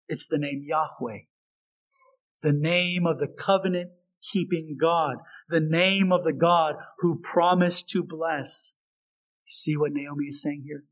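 Man, preacher, sermon, fairly high voice, unhurried delivery, emphatic then hushed. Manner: swings between raised emphatic lines and hushed low asides; slow, deliberate delivery. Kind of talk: expository sermon.

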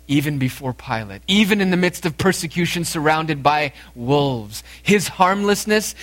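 A man preaching a sermon, lively and animated, acting out the dialogue as he tells it. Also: fairly high pitch. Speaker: pastor.

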